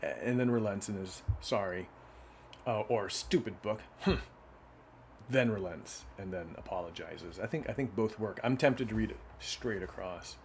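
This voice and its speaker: A man reading picture books aloud in a casual way, adding relaxed asides between the stories. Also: on the low side, normal speed, a little hiss or hum. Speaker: children's book reader.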